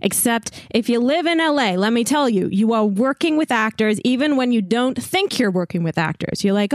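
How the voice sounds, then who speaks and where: A woman's voice: fairly high pitch, animated, normal speed, no room sound, studio quality. A woman playing a tabletop game, riffing in a chatty, exasperated comedic monologue. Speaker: player.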